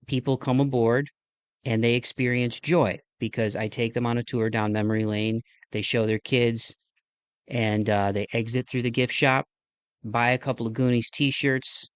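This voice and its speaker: In a smooth, mid-range voice with no echo, a Midwestern man closes out his podcast alone. The outro is casual and rambling, upbeat, and sprinkled with self-deprecation.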